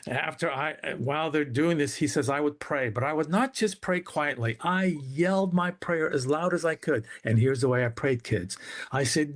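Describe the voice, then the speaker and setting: Animated man telling a family story. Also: on the high side, moderate pace. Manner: animated storyteller, acts out voices in quotes. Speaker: radio guest. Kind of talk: storytelling on a radio talk show.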